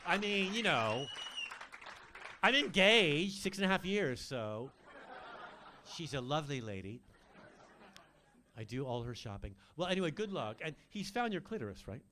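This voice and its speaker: A man's voice: big pitch swings, moderate pace, long pauses, bright, forceful tone, a faint crowd, slight background noise. An older man performing a camp, teasing stand-up comedy set on a club stage into a handheld mic. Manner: camp, teasing, swoops between mock-deep and high voices.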